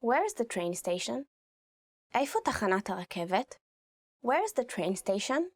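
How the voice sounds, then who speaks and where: A woman's voice: fairly high pitch, sing-song, moderate pace, darkish tone, no echo, clean studio sound. A woman teaching Hebrew phrases in a casual lesson, chatty and adding personal asides.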